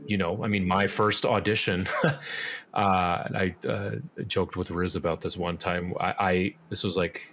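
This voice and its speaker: A man's voice: low-pitched, little pitch movement, unhurried, a bit bright, a little hiss or hum. A man speaking as a podcast guest in casual interview chat, rambling with lots of fillers and restarts. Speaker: podcast guest, musician and actor.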